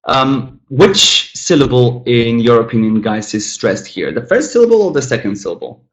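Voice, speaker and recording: A man teaching English pronunciation in a live online lesson, speaking at an ordinary middle pitch. He demonstrates words over and over, stressing syllables deliberately, and keeps turning to viewers in the chat. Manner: lively, demonstrative, repeats model words slowly, talks to chat.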